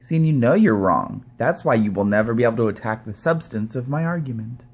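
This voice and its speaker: A man's voice: mid-range voice, big pitch swings, brisk, darkish tone. A man ranting to camera as a commentator, angry, sarcastic and profane. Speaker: YouTube commentator. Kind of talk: profane rant vlog.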